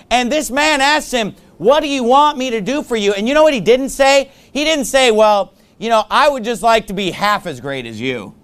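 Male pastor, high and smooth, slow scripture reading, conversational explaining, emphatic bursts. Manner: reads scripture slowly, then explains in plain chatty talk; rises to loud emphatic bursts. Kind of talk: sermon.

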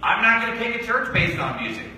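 A man's voice: high voice, very animated, fast, sharp tone, heavy reverb, long reverb tail, distant mic, low-quality recording. A man preaching a fiery sermon as a pastor, firing off repetitive rhetorical questions with sarcastic asides. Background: congregation calling out amens.

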